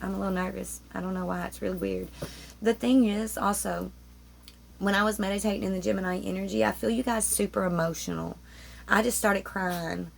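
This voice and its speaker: A woman's voice: medium pitch, a little fast, creaky, slight background noise. A woman giving a rambling, chatty tarot reading at home, often stopping to interrupt herself. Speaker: tarot reader. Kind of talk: casual spiritual chat to camera. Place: home room with roommates nearby.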